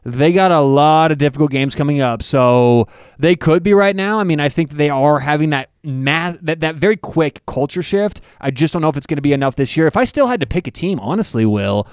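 A man co-hosting a sports betting talk show, opinionated and self-deprecating, with quick asides. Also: on the high side, lively intonation, clean tone, no room sound, clean studio sound. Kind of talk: casual sports chat.

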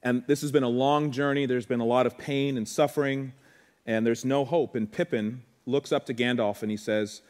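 A man's voice: medium pitch, fairly even intonation, moderate pace, a little mellow. A male pastor preaching a sermon in an earnest, heartfelt way, with conversational asides to the congregation.

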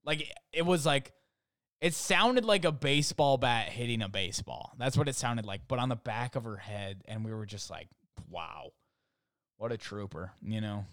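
Man, casual funny storytelling, rambling and animated, mid-pitched, dry sound. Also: moderate pace, no echo. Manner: rambling, animated, lots of fillers and restarts.

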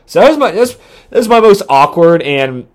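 Boastful young man, swinging loud and high. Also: very animated, moderate pace. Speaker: podcast co-host. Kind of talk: casual podcast chat.

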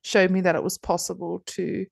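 A woman's voice: lowish voice, level tone, moderate pace, gravelly, no room sound. A woman, telling her story as a podcast guest in a candid, chatty way, swearing freely and often restarting her sentences. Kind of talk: casual conversation.

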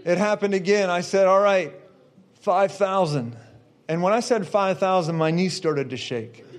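A middle-aged man preacher telling a personal testimony, animated, building to shouts. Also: high voice, normal speed. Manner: animated storyteller, shouting at the climax.

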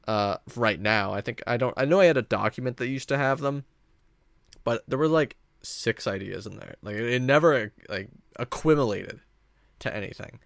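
Guy rambling solo on his podcast, lots of uh and like, smooth voice, dry close sound. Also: medium pitch, normal speed, no room sound. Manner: rambling, many fillers and self-corrections. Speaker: podcast host. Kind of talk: casual solo monologue.

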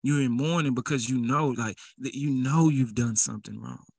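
A man's voice: medium pitch, moderate pace, vocal fry, slightly rough, no echo. A man preaching a sermon in a casual, conversational way that builds into fervent exhortation.

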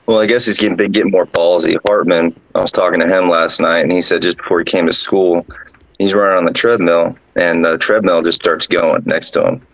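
A drill sergeant guest casually telling a ghost story, rambling along with lots of fillers. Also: male voice, sits low, fairly even intonation, brisk, rough recording.

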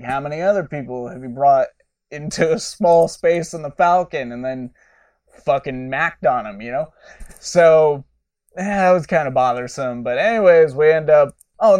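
A man hosting a podcast, recapping a film plot in a rambling, profane, animated way. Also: medium pitch, distant mic. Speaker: podcast host. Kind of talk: casual movie review recap.

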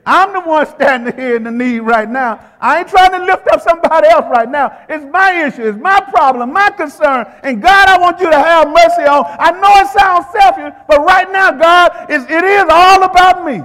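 A man's voice: extremely high pitch, moderate pace, hardly any pauses, bright, forceful tone, big-room sound, pitched above the performer's own voice. A man acting out a desperate blind male beggar pleading for mercy. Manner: urgent, pleading cries.

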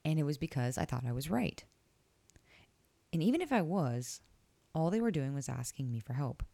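Low gravelly woman podcaster. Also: big pitch swings, moderate pace, mellow, no room sound. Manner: candid, reflective storytelling about a dream. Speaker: podcast host. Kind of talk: casual solo podcast talk.

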